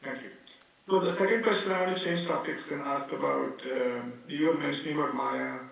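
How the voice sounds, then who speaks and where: A man's voice: on the high side, steady tone, a little fast, vocal fry, a bit bright. A man, a student, asking a teacher questions in class, hesitating as he checks his pronunciation. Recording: distant mic in a very echoey room.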